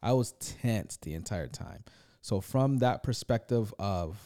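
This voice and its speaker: A man co-hosting a podcast, telling stories in a laid-back, animated way. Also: on the low side, unhurried. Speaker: podcast co-host. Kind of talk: casual chat.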